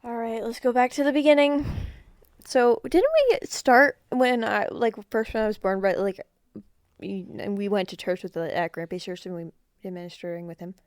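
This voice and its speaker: A woman's voice: mid-range voice, steady tone, normal speed, no echo, studio quality. A teenage girl chatting casually with her father, blunt and teasing, often drifting off topic. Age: teens. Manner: blunt, teasing, easily distracted. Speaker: guest, host's daughter. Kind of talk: casual chat.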